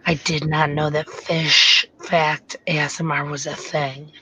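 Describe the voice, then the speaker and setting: A woman co-hosting a casual livestream, reading facts and jokes in a soft, slow, mock-ASMR voice. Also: deep voice, level tone, a little hiss or hum, low-quality recording.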